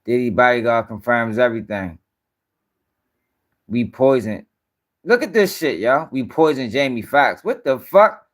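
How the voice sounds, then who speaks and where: A man's voice: medium pitch, animated, unhurried, long pauses. A man hosting a live-stream news show, ranting in casual, profane, rambling talk and sounding tired.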